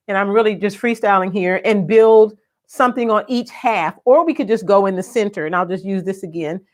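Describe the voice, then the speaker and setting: A woman hosting a home decor video, chatting playfully and expressively as she demonstrates. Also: medium pitch. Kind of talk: casual live demo.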